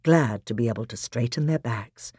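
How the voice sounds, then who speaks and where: A woman narrating a children's novel as an audiobook, with expressive storytelling. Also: very deep voice, moderate pace, breathy edge, no echo, studio quality.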